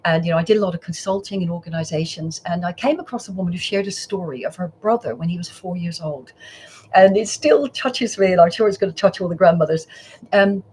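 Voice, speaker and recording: A woman's voice: on the low side, a little hiss or hum. A middle-aged woman psychologist, a podcast guest who tells stories and acts out the voices in them. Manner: warm storyteller, acts out quoted voices. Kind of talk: podcast interview.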